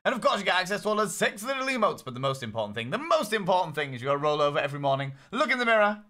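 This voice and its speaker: A young man streams a game and talks straight to his chat. His banter is cheeky, teasing and full of swearing, and his voice has a bright, forceful edge. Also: on the high side, very animated, very fast. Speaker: gaming streamer. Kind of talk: casual live-stream commentary.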